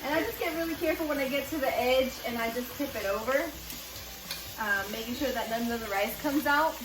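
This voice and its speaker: A woman's voice: fairly high pitch, a little fast, noisy background. A middle-aged woman, a mother, chatting her way through a home cooking demonstration and plainly explaining each step. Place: home kitchen. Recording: echoey room with background music.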